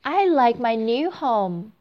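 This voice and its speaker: A woman voicing a tiny, gentle fairy-tale girl in a high, sweet, earnest voice for a storybook reading. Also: very animated, takes it slowly, muffled recording. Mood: wistful.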